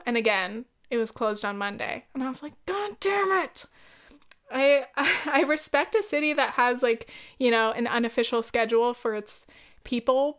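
A woman's voice: on the high side, clean tone. A woman hosting a podcast, telling a casual story in a blunt, profane way and laughing often. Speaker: podcast host.

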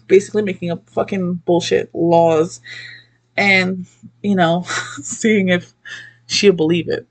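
A young woman casually recapping a story, chatty and laughing, swearing freely and saying "like" a lot. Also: lowish voice.

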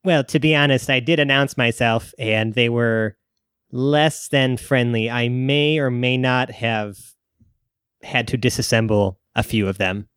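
A man's voice: medium pitch, fairly even intonation, a little slow, a bit bright, smooth, no room sound, studio quality, close to an everyday voice. A man voicing a boastful human inventor who introduces himself in a grandiose, theatrical way. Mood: dry.

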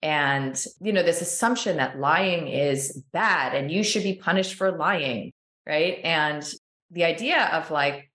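A woman's voice: deep voice, slow pace, a bit bright, echoey room. A woman hosting a podcast conversation, reflective and asking layered questions with frequent fillers. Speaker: podcast host. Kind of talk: casual conversational interview.

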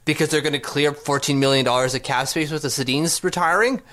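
A man's voice: on the high side, quick pace, a bit bright. A man hosting a sports podcast, ranting sarcastically with rhetorical questions. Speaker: podcast host. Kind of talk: casual sports podcast rant.

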